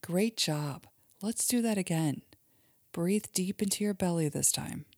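A woman, a mother hosting a children's show, leads a guided imagery exercise in a gentle, soothing manner and sometimes drops to a soft whisper. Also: on the low side, animated, unhurried, no echo, clean studio sound. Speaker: host and mother leading guided relaxation for kids.

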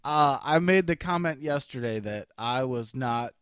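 A man's voice: medium pitch, lively intonation, unhurried, clear, resonant tone, dry recording. Podcast co-host, young man, rowdy and profane, dry close mic. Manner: crude, joking, loud bursts of laughter. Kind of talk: casual podcast banter.

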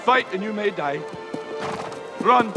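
An actor playing an impassioned male warrior leader giving a shouted battle speech in a film scene, over a music score. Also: high voice, expressive, slow, creaky, exaggerated voice. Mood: rousing. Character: fierce male warrior leader rallying his troops.

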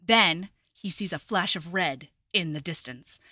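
A woman co-hosts a podcast, recapping a romance novel in casual chat and animatedly acting out the characters' lines. Her fairly low voice moves at an unhurried pace, recorded in studio quality with no echo.

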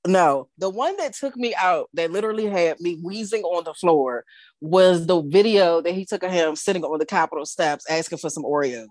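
A woman co-hosting a casual podcast panel chat, telling stories in a sassy, animated, slangy way. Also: lowish voice, normal speed, no echo. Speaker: podcast co-host.

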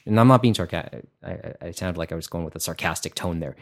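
A man's voice: sits low, fairly quick, few pauses, a little mellow. A man chatting casually on a podcast, hesitant, with many fillers and restarts.

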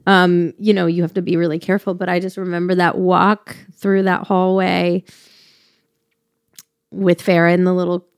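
A woman's voice: lowish voice, level tone, normal speed, no room sound, clean studio sound. A young adult woman co-hosting a podcast, chatting candidly and swearing freely. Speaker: podcast co-host. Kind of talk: casual chat.

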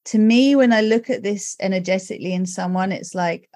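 This middle-aged woman hosts a podcast with brisk, candid chatter, animatedly spinning stories studded with "right?" and "you know." She has a medium-pitched voice, captured in clean, dry studio sound.

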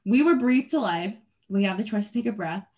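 A woman's voice: mid-range voice, animated, a little fast, darkish tone. Young adult woman, interview guest; earnest, rambling delivery, frequent restarts and light laughs. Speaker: athlete guest. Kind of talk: casual interview.

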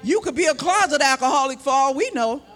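A man preaching a sermon, shouting and stretching out words for emphasis and acting out the people in his story. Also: extremely high pitch, animated. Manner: shouting, drawn-out emphatic preaching with acted-out voices.

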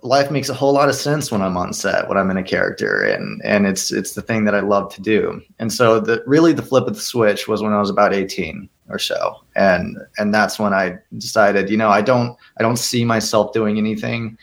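A man's voice: lowish voice, fairly even intonation, a little fast, gravelly, hardly any pauses. A man in his twenties, an actor guest talking in an earnest, rambling way with many restarts. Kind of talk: casual interview.

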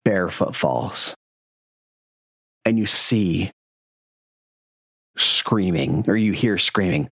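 Give me a deep-voiced man game master, teasing and animated. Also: slow pace, pauses often, no echo. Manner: playful, teasing narration of combat. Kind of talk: running a tabletop game.

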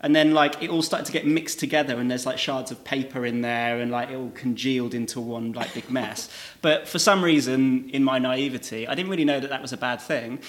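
A man hosting a casual podcast, friendly and quick to laugh, recorded in a church hall. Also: mid-range voice. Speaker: podcast host.

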